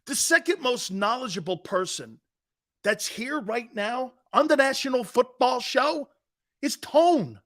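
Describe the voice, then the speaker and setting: A man's voice: very high voice, expressive, a little slow, a bit bright. A middle-aged man hosting a sports talk radio show, brash and mocking, talking back to his listeners. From United States.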